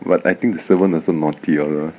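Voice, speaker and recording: A man's voice: a bass voice, fast. A man giving a Buddhist dharma talk, telling stories animatedly and often tagging lines with "huh?". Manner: animated storytelling, frequent "huh?" tag questions. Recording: dull lo-fi 1989 tape recording.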